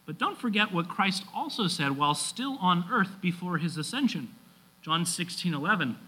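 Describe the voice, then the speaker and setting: A man's voice: high-pitched, expressive, normal speed, pushed and bright, slightly rough, rough recording. A male pastor preaching a sermon from his manuscript, reading quotations and building to emphatic exhortation.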